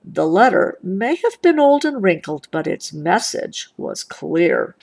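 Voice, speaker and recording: A mother reads a storybook aloud at an unhurried pace. Her voice rises and falls a great deal, with a gravelly edge at the ends of phrases. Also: lowish voice, big pitch swings, a little mellow. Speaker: mother reading to her child.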